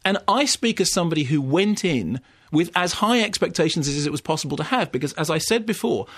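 A man giving a sardonic, animated film review, with mocking asides pitched high. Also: a little fast, husky. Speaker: film critic.

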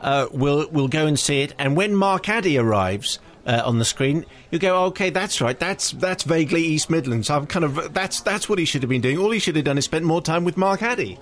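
A man's voice: a little high, animated, brisk, few pauses. A man hosting a radio show, wry and dry, reading out listener messages and putting questions to his guests. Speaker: radio presenter.

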